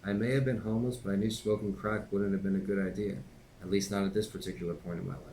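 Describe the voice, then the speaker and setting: A man's voice: on the low side, level tone, fast, a little mellow, slight background noise, low-quality recording. A man reading his own memoir aloud in a plain conversational way, with occasional slips and offhand asides.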